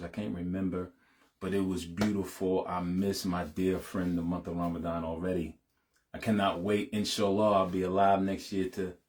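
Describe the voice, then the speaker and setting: A man's voice: sits low, a little mellow. A middle-aged man hosting a heartfelt, casual talk to his audience. He keeps saying "man" and "you know what I'm saying", and his voice rises and speeds up when he urges his listeners. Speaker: channel host addressing his audience.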